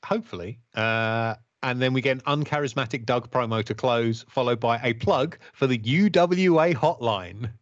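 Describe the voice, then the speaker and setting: A man co-hosting a casual review podcast, picking things apart in a wry, measured tone. His voice sits at an ordinary middle pitch. The recording is close and dry, with a slightly muffled top end. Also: no room sound. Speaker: podcast co-host. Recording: dull, dry podcast audio.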